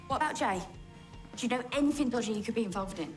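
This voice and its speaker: A woman's voice: a little high, lively intonation, fast, faint music behind, natural voice. An actress playing a woman who pleads politely but urgently.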